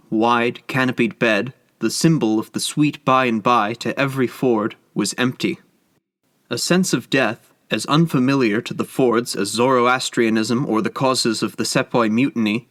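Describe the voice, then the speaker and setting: A man giving scripted narration of a short story in a measured storytelling manner. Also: medium pitch, no echo, studio quality. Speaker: audiobook narrator.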